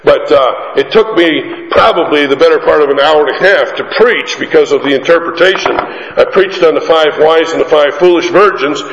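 A fairly high-voiced man preaching in a large echoing hall, the sound a bit muffled. His delivery is animated, swinging from quiet storytelling to emphatic climbing peaks. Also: noisy background. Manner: animated, rising to emphatic peaks, drawn-out lines. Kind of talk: sermon with storytelling.

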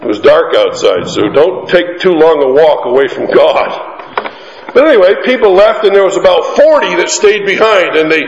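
A fairly high-voiced man preaching in a large echoing hall, the sound a bit muffled. His delivery is animated, swinging from quiet storytelling to emphatic climbing peaks. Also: slight background noise. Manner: animated, rising to emphatic peaks, drawn-out lines. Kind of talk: sermon with storytelling.

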